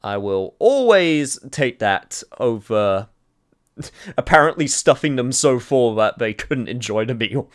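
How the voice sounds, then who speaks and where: A man's voice: medium pitch, lively intonation, slow pace. Rambling, self-mocking young gamer guy. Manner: rambling and self-deprecating, laughs at himself. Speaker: game streamer. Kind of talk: let's play commentary.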